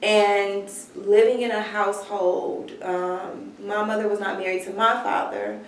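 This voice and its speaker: A woman's voice: mid-range voice, level tone, unhurried, creaky, slight background noise. A woman speaking candidly in a casual chat, telling an earnest personal story as a guest. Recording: echoey room, distant mic.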